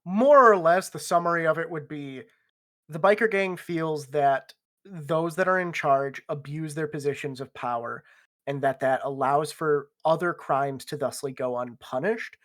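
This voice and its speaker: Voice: medium pitch, unhurried, fairly bright tone. A game master narrating a tabletop game in a rambling, laid-back way with lots of fillers. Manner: rambling, filler-heavy, laughs often.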